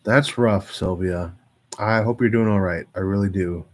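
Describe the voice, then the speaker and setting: A man's voice: low-pitched, moderate pace, a little hiss or hum. A man on a solo stream, reading poems aloud with wry, self-mocking asides that sometimes drop to near-whispers.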